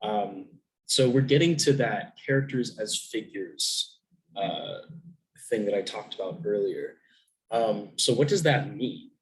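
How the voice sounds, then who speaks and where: A man's voice: fairly low pitch, animated, a little slow, low-quality recording. A young man giving a recorded virtual lesson in a casual way, with lots of ums, restarts and questions to the class. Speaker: student teacher.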